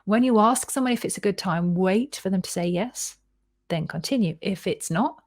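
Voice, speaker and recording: A woman personal responsibility coach giving a calm, instructive talk that lays out points step by step. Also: mid-range voice, normal speed. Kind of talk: recorded live-event talk.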